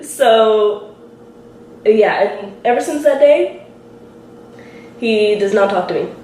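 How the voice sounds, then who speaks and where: A young woman in her twenties telling a story while doing her makeup, animated and giggly, acting out what people said. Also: mid-range voice, takes it slowly. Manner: animated, quotes people in lively voices, giggly. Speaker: beauty vlogger. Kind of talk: chatty get-ready-with-me storytelling. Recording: roomy echo with faint hiss.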